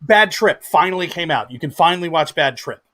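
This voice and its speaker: A man's voice: fairly high pitch, lively intonation, fairly quick, bright, forceful tone. A man co-hosting a casual chat, dry and steering the talk along. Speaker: co-host.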